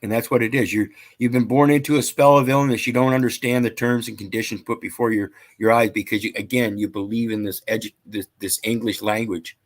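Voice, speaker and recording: A man's voice: on the low side, steady tone, fairly quick, few pauses. A man lecturing casually, reading out statute numbers and scripture in a rambling, preachy way. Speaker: channel host.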